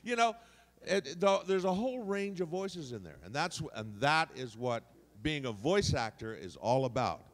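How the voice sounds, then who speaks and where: A man's voice: mid-range voice, sing-song, moderate pace. A man on a convention panel teaching voice acting, demonstrative and shifting his voice around as he explains. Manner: demonstrative, shifts voice placement freely. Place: convention hall. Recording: long hall reverb.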